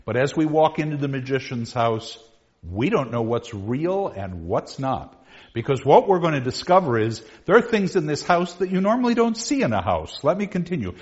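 A male literature lecturer speaks in a theatrical, joking classroom style. His voice is fairly high and swings widely in pitch. The recording sounds dull and lo-fi. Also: big pitch swings, moderate pace, darkish tone.

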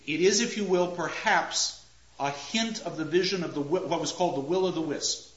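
A man lecturing on poetry, reading lines aloud slowly and stressing each beat. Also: a little high, fairly bright tone. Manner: slow, deliberate, reads lines aloud with stressed beats. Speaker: literature lecturer. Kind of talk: close reading of verse, lecture. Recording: roomy, slightly dull audio.

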